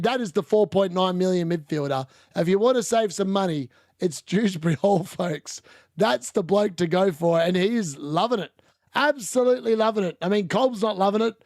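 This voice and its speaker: A man giving chatty, excitable live commentary on a fantasy football watch-along stream, laughing often and correcting himself as he goes. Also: sits high, dry recording, clean studio sound. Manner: corrects himself mid-sentence.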